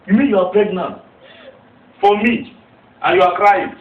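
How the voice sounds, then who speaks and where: A man's voice: fairly high pitch, big pitch swings, moderate pace. An actor playing a young man who is about to become a father, coaxing and reassuring his partner, on a tinny, echoey, noisy recording from far off. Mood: overjoyed. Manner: coaxing, then overjoyed and exclaiming.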